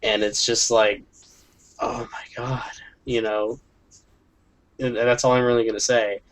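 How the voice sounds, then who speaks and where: A man's voice: fairly low pitch, flat delivery, normal speed, low-quality recording. A young adult man in casual chat, talking earnestly with stammering repeats. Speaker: chat guest.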